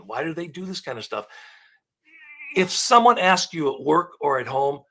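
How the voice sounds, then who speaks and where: A man's voice: fairly high pitch, normal speed. A man coaching on asking better questions in a live online talk, acting out little dialogues as examples. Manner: animated, acts out dialogue examples.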